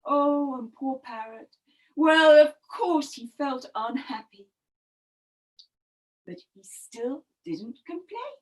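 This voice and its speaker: A woman storyteller telling a story to young children, expressive and animated, asking them questions as she goes. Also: sits high, slow, long pauses.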